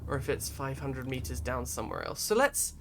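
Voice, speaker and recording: A man's voice: mid-range voice, big pitch swings, fairly quick, vocal fry, a bit bright, slight background noise. Chatty man streaming a game. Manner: chatty, rambling, reads chat aloud. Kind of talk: casual gameplay commentary. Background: game music.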